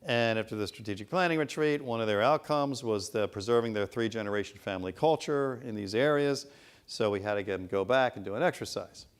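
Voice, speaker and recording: A man's voice: lowish voice, a little fast, smooth. A man, a business consultant, giving a conference presentation in a conversational, anecdotal storytelling manner with rhetorical asides.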